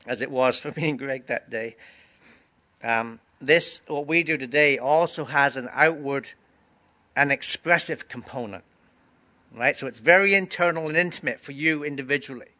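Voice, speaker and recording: Bright-voiced pastor preaching earnestly. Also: male voice, medium pitch, moderate pace. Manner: earnest storytelling with emphatic repetition. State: sniffling, teary. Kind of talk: communion sermon.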